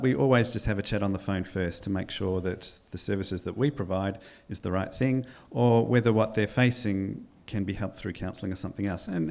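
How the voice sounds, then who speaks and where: A man who runs a counselling practice giving calm, practical advice on a panel. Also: on the low side, vocal fry. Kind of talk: panel discussion.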